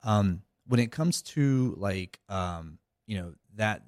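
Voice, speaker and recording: Low-voiced man, rambling interview talk. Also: expressive, slow, a little mellow, dry recording, studio quality. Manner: rambling, many fillers and restarts. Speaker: cybersecurity guest.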